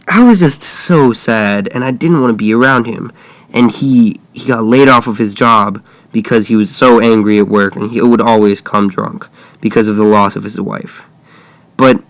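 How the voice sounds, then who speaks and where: A man's voice: fairly low pitch, no echo. A young man casually improvising a first-person horror story, with offhand, jokey asides.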